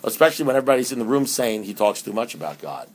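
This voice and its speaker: A man's voice: mid-range voice, sing-song, rapid-fire. A man giving a humorous, emphatic talk at a recovery meeting, with many restarts and repeated phrases. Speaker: AA speaker.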